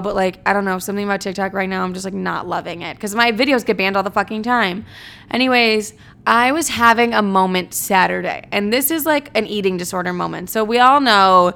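A woman's voice: mid-range voice, gravelly, a bit bright, smooth. A young woman from the Chicago area telling a casual storytime vlog, chatty and full of fillers and swearing.

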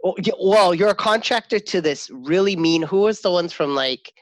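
A man chatting casually about his kids, rambling and animated, often laughing and acting out his daughter's lines. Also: high-pitched, moderate pace, dry recording. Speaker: father, co-host. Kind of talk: casual podcast chat.

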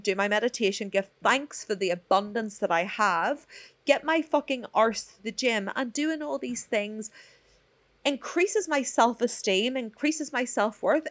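A woman's voice: a little high, moderate pace. Woman, podcast co-host; congested, profane, motivational ranting. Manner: swears freely, ranting and motivational. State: congested from a cold. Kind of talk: casual podcast chat.

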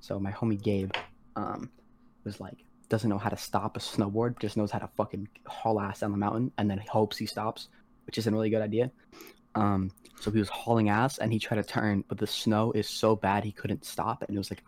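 A man's voice: lowish voice, little pitch movement, moderate pace, darkish tone, slight background noise. A teenage boy telling a story on a podcast in a rambling, slangy way, full of "like" and swearing, acting out what others said. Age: teens. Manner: acts out quoted voices of others. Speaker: podcast co-host. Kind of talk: casual storytelling.

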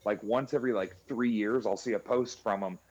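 A man's voice: lowish voice, a little fast, a little mellow, breathy edge, highs cut off. A man co-hosting a podcast, swearing freely and telling stories in casual chat. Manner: storytelling, imitates others with a raised voice; swears freely, laughs mid-story. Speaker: podcast co-host.

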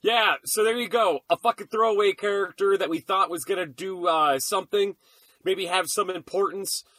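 A man co-hosting a podcast, chatting about a horror movie in an excitable, profane way. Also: high voice, moderate pace, dry recording. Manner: loud, excitable, heavy swearing. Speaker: podcast co-host. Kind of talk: casual movie recap chat.

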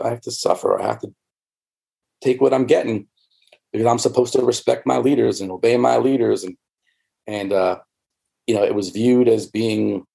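This interview guest, once a church member, shares his story in a candid, rambling way, often restarting and using lots of fillers. He has a medium-pitched, gravelly voice with a warm tone and a breathy edge.

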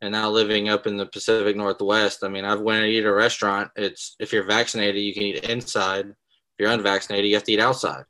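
A man's voice: on the low side, little pitch movement, fast, bright, forceful tone. A man from the American South in casual podcast chat, speaking earnestly.

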